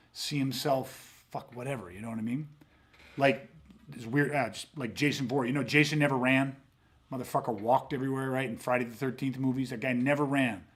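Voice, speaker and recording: A man co-hosting a podcast, talking casually and emphatically with frequent swearing. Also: mid-range voice. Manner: emphatic, profane, animated storytelling. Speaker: podcast co-host.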